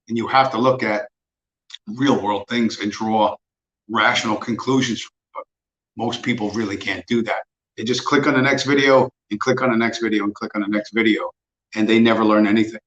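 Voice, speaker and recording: A man's voice: fairly low pitch, steady tone, normal speed, fairly bright tone. A man in his fifties hosting a livestream, talking in a blunt, profane, mocking rant. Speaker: livestream host. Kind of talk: casual ranting monologue. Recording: roomy, dull lo-fi sound.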